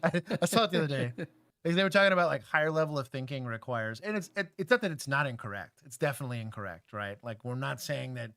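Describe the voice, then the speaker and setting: A man from Texas who used to be a police officer talks bluntly through a livestream. He jokes often and fills his speech with "uh"s, in a mid-pitched voice. His recording sounds dry and close. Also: lively intonation, fast talker, fairly bright tone, no echo. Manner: blunt, joking, lots of filler words. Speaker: host, former police officer. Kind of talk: casual livestream commentary.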